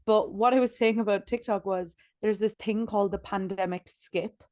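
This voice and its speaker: A woman's voice: medium pitch, fairly even intonation, moderate pace, dark tone, no echo, clean studio sound. A woman in her late twenties co-hosting a podcast from bed, chatting in a rambling way with lots of "like" and frequent laughs. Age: late 20s. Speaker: podcast co-host. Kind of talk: casual chat.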